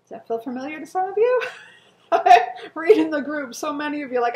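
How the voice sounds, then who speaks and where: Middle-aged woman, somewhat high voice, earnestly reading her old journal entries aloud in an echoey room. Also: expressive, a little fast. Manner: earnest and emotional, with soft laughs and sighs. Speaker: co-host.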